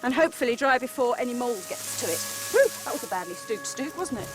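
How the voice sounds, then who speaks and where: A woman chatting cheerfully while working outdoors in a farm field, quick to poke fun at herself. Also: fairly high pitch, animated, soft background music. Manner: cheerful, self-deprecating, exclamatory. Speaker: documentary participant. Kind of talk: casual chat while working.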